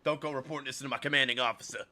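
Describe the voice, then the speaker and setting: A man's voice: medium pitch, fairly even intonation, rapid-fire, sharp tone, slight background noise. A man voicing a young woman waitress as a barking, threatening military type in a visual novel read-along. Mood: gruff. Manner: barking, threatening tough-guy delivery.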